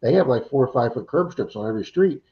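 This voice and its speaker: A man's voice: mid-range voice, fast. Chatty storytelling man on lo-fi stream. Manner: animated storyteller, acts out quoted voices. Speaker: livestream host. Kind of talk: casual chat. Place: Florida.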